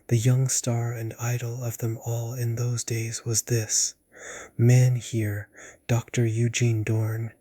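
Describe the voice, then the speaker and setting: A man reading a play aloud in a breathy whispered role-play, close to the microphone. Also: mid-range voice, completely flat delivery, slow, dark tone, dry recording. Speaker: audiobook reader.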